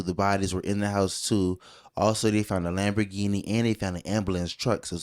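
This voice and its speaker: A man co-hosting a casual podcast, talking in an animated, jokey, rambling way with many restarts. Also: lowish voice. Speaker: co-host.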